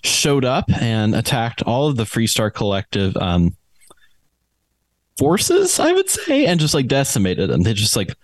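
A man's voice: fairly low pitch, expressive, moderate pace, hardly any pauses, no echo. A man co-hosting a casual podcast, rambling and hesitant with many fillers. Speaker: podcast co-host.

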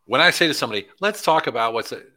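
A Pennsylvania man appears as a guest in a casual interview, speaking at medium pitch in a rapid-fire way. He tells animated stories and acts out the dialogue of people he met.

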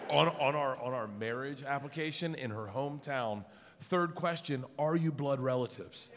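A man doing stand-up storytelling on stage, animated and slipping into voices for the people he quotes. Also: medium pitch, normal speed. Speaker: stand-up comedian. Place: large theater stage before a live audience. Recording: live concert hall with long reverb.

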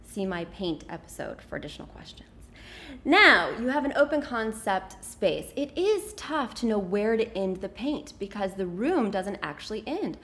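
A woman's voice: mid-range voice, big pitch swings, normal speed, fairly bright tone, a little hiss or hum. Chatty woman design podcast host. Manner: chatty, playful, emphatic. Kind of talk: casual advice podcast. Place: office.

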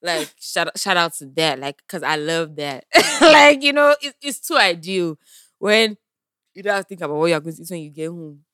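A woman's voice: fairly low pitch, very animated, normal speed, sharp tone, smooth, no room sound, studio quality. A woman, blunt and swearing freely in casual chat. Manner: blunt, talks over others, swears casually.

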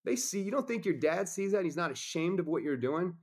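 A man's voice: high voice, lively intonation, brisk. A man talking as a podcast guest in casual conversation, intense and preachy, swearing freely.

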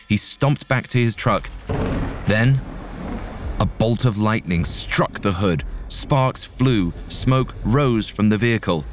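A man narrating a scripted story in a measured, dramatic way. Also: lowish voice.

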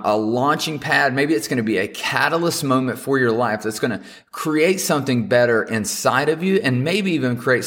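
A man's voice: mid-range voice, a bit bright. A young man preaching a casual, conversational sermon as a pastor, earnest and encouraging, then praying. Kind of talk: casual sermon with closing prayer.

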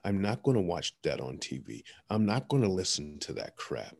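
A man's voice: low-pitched, big pitch swings, normal speed, creaky, darkish tone, slightly rough. A man, a motivational speaker, talking as a guest in an interview, emphatic and repetitive, telling stories with energy. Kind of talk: conversational interview, preaching.

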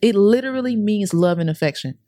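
A woman's voice: mid-range voice, expressive, fairly quick, warm tone, no room sound, studio quality. A young adult woman as a podcast guest, telling her life story with earnest, repetitive, slang-filled casual talk. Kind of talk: emotional personal storytelling.

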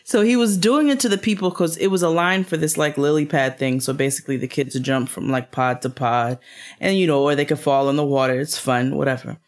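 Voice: mid-range voice, a little fast. A co-host chatting casually and laughing along. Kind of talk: casual chat.

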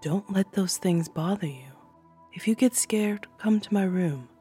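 A woman voicing a gentle mother tucking her child in, speaking softly and reassuringly in a storybook reading. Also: lowish voice, lively intonation, a little slow, faint music behind. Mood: soothing. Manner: soft, hushed and reassuring. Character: gentle, soothing young mother.

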